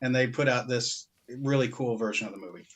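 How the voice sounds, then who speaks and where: Speaking a little quickly at medium pitch, a male podcast co-host talks casually about his purchases. He meanders, stops mid-sentence, and laughs often.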